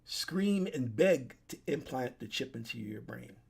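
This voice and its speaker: A mid-range male voice, animated yet unhurried, comes across creaky and slightly rough. An online commentator at a desk webcam delivers an urgent, preachy solo warning, repeating his points and restarting sentences.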